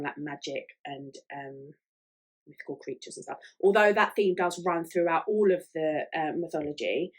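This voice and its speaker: A woman talks through her solo podcast in a relaxed, chatty way, often stopping on "um" and "like". Her voice sits a little low for a woman. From Ireland. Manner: chatty, with many fillers like "um" and "like". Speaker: podcast host. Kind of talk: casual solo podcast chat.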